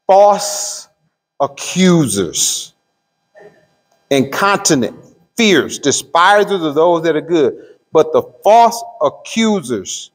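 A middle-aged pastor teaching a Bible study, asking the room questions and drawing out key words. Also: male voice, a little high. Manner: call-and-response questions to the room; drawls key words slowly. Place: church hall. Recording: long hall reverb.

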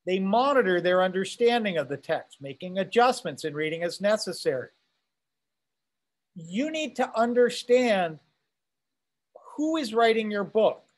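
A man's voice: high voice, animated, unhurried, long pauses. A man teaching a class, reading a text aloud and commenting on it in a conversational way, asking rhetorical questions and checking in with his listeners.

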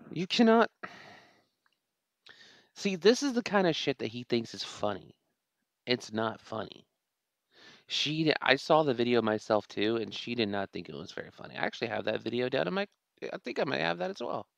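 A man's voice: medium pitch, very animated, moderate pace, vocal fry, pauses often, no room sound. A man hosting a reaction commentary, exasperated and sarcastic, swearing often at the clip he is watching. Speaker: commentary channel host.

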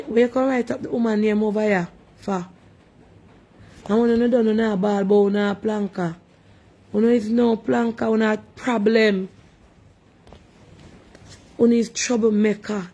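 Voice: mid-range voice, steady tone, measured pace, long pauses, mellow, slightly rough. A live-stream host with a Jamaican accent, casually chatting and sharply scolding commenters with repeated rhetorical questions.

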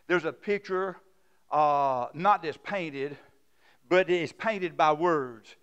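A man preaching a sermon in a church. He swings from loud, fervent shouting to quiet storytelling. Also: on the high side, slow pace, smooth, dull audio. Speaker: pastor. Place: church sanctuary.

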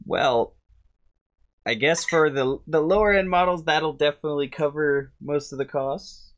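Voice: mid-range voice, normal speed. A game master running a tabletop game, teasing the players with rules details and frequent laughter.

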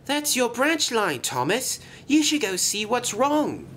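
A man puts on a small, excitable engine from a children's story, with a very high, eager voice that jumps in pitch. He sounds urgent and bright. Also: slow, background noise, heavily acted.

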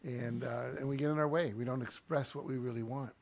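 A man's voice: mid-range voice, fairly even intonation, brisk, darkish tone. A man hosting a podcast interview, talking in a reflective, storytelling way with many "you know"s. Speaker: podcast host. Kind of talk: conversational interview.

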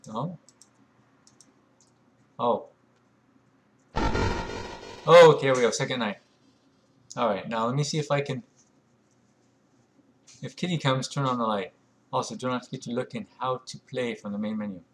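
A gameplay video host gives let's play commentary on a horror game, chatty, jumpy, and self-mocking. His mid-range voice is unhurried with long pauses, and a little hiss or hum runs underneath.

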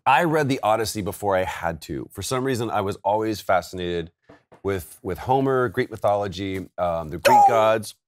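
Teasing man with a lively voice. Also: on the low side, dry recording. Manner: teasing, quick to laugh. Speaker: co-host. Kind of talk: casual gaming chat.

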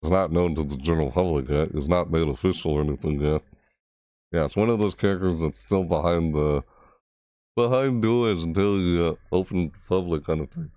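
A man hosting a reaction video, rambling casually with frequent restarts and excited asides, his voice cracking. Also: sits low, a little fast, no room sound.

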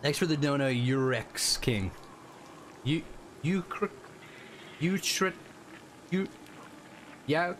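Lively Northern English man streaming. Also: fairly high pitch, slow, long pauses, a little hiss or hum. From northern England. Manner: animated, swears freely, laughs often. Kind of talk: casual gaming livestream commentary.

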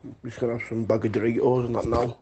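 A man's voice: medium pitch, little pitch movement, fast, muffled recording, a crowd in the background. A young man leaving rambling, casual voice messages, swearing often and calling the listener pet names. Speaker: voice note sender.

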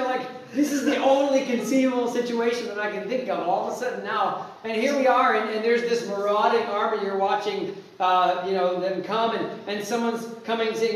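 A fairly high-voiced man preaching in a church sanctuary, recorded from a distance so the big room echoes heavily around him. He talks in an animated way, jumps into acted-out quotes and restarts his sentences often. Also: brisk, few pauses. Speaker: pastor. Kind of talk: sermon. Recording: echoey church hall, mic far off.

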